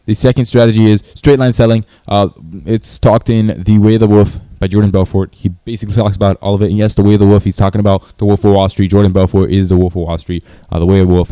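A man talks through his cold-calling method in a loose, rambling way, circling back and restarting often. His voice sits low, with a warm, dark tone. The sound is completely dry. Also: clean tone, no room sound. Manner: rambling, many restarts and fillers. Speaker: sales coach. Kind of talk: casual talking-head tutorial.

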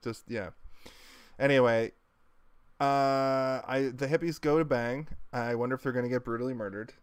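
A man's voice: mid-range voice, steady tone, normal speed, smooth. A man co-hosting a podcast, recapping a movie in casual chat, rambling with lots of fillers and restarts. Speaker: podcast co-host.

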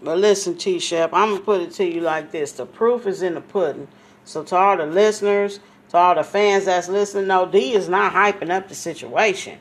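Radio host, casual interview, excited, hyped-up delivery. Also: medium pitch, normal speed.

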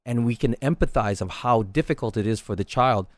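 A man's voice: mid-range voice, a little fast, no echo, studio quality. A middle-aged man, a martial arts instructor, talking earnestly on his podcast, often checking in with "right?". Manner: earnest, coaching tone, frequent "right?" tags. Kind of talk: casual solo podcast talk.

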